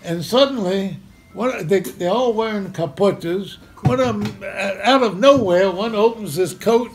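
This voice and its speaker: A man's voice: high voice, measured pace, noisy background. An older man tells a personal story to a live audience, chuckling and acting out the scenes. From Memphis, Tennessee, US. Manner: animated, chuckling storyteller who acts out scenes. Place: community center talk in front of an audience.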